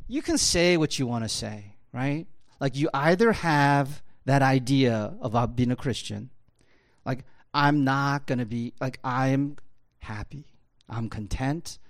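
A man's voice: mid-range voice, a little slow. A man preaching a sermon as a pastor, in a conversational style with many fillers and tag questions. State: choked up at times.

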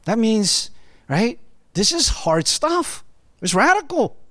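Animated high-voiced preacher man. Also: slow, dry recording. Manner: animated, conversational preaching with constant "right?" tag questions. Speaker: pastor. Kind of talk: sermon.

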